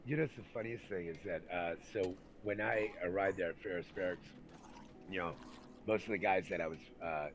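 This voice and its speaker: A man from Santa Rosa, California, recalls his army days in casual, profane chat full of fillers, acting out the people in his rowdy stories. His voice is low and brisk, and the low-quality recording carries a little hiss or hum.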